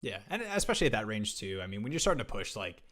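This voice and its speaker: A man with a fairly low voice co-hosts a live fantasy football stream, trading jokes and wandering into asides. He chats loosely and casually, close to a desk mic at home. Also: very animated, rapid-fire, fairly bright tone. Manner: joking, laughs at his own lines, rambling asides.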